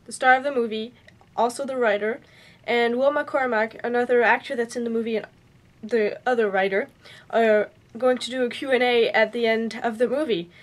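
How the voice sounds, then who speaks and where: A woman's voice: fairly high pitch, steady tone, normal speed. A young woman chatting casually to her vlog camera, telling a story in a bubbly, chatty way. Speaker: vlogger.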